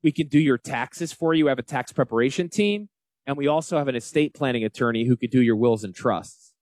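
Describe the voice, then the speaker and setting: A man in his forties with a Northern US accent, hosting a radio talk show on financial planning. He talks loudly and energetically, joking and yelling into a close mic. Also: mid-range voice, brisk, no room sound. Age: 40s. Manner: loud, yelling. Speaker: financial advisor radio host. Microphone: close studio mic.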